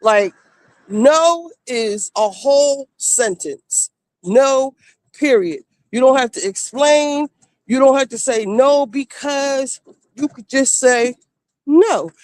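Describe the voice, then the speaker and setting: A woman's voice: high voice, slow, no echo. Blunt woman telling stories on stream. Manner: blunt, animated, acts out quoted people. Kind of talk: casual storytelling.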